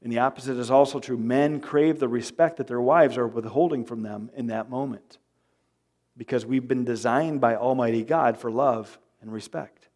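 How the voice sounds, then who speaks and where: In a church sanctuary, a male pastor delivers a sermon in a mid-range voice at normal speed. He's animated and jokey with the congregation, acting out quoted arguments in his own voice.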